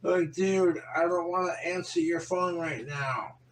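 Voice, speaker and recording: A man's voice: on the high side, a little slow, distant mic, rough recording. A man ranting on a livestream, exasperated and swearing constantly. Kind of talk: casual livestream rant.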